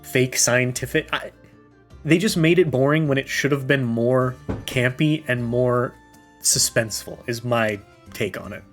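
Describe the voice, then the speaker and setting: A man's voice: mid-range voice, steady tone, a little slow, soft background music. A young man co-hosting a podcast, giving an opinionated, critical take in casual rambling speech. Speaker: podcast co-host. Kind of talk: casual chat.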